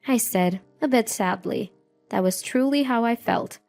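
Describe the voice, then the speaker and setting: Dry, even middle-aged woman narrator. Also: on the high side, creaky, no echo. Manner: even, measured storytelling. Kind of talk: scripted first-person narration. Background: faint music.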